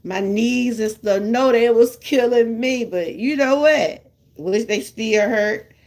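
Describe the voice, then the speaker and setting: A woman's voice: fairly high pitch, takes it slowly, a little mellow. An older woman with a Southern US accent, chatting casually with her live viewers and laughing often. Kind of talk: casual live-stream chat.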